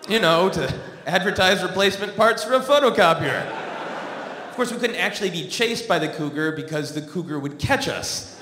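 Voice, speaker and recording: A man's voice: high voice, animated, normal speed, background noise. A male comedian telling a stand-up story on a theatre stage with a dry, wry comic delivery. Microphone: stage microphone. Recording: echoey theatre hall from a distance.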